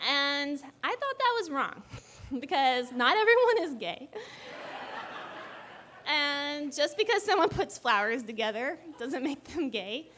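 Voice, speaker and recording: A young woman telling a personal story live, animated and often laughing as she talks. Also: high-pitched, takes it slowly, a little hiss or hum.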